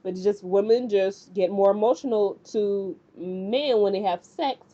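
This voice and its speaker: Chatty female recapper, slangy and loose. Mellow, slightly high voice on a dull lo-fi recording. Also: measured pace. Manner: rambling and colloquial, acting out characters' lines. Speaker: TV recap vlogger. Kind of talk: casual episode recap.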